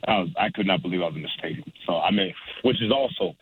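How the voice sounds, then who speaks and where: Talking fast in a low, husky voice, a young adult man who does stand-up gives a relaxed phone interview. He wanders from point to point, restarting frequently and laughing, over a dry line with no room sound at all.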